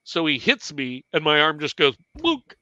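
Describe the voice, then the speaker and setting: A man casually telling a self-mocking story on a live stream, animated and swearing freely. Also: on the high side, moderate pace, no echo, dull audio.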